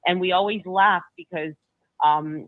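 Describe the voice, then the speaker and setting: A woman being interviewed, telling a personal story in a halting way, often restarting and repeating her words. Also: on the low side, steady tone, no room sound. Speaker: guest recounting a personal story. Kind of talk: emotional first-person storytelling. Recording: tinny phone-like line, dry.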